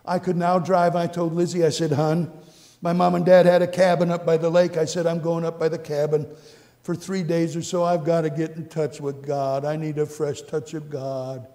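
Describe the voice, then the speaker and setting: A man preaching a sermon and telling his own story, earnest and repetitive, going from hushed to exclaiming. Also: fairly high pitch, little pitch movement, moderate pace. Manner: earnest, repeats phrases, swings between hushed and exclaiming. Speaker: pastor. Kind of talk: sermon with personal testimony. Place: church sanctuary. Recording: long church reverb.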